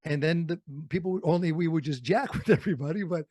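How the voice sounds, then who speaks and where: Radio veteran from Wisconsin, animated studio storyteller, dry close mic. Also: male voice, fairly high pitch, quick pace, dry recording. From Fond du Lac, Wisconsin. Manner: animated, acts out quotes in other voices. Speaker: radio host and interview guest. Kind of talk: storytelling interview.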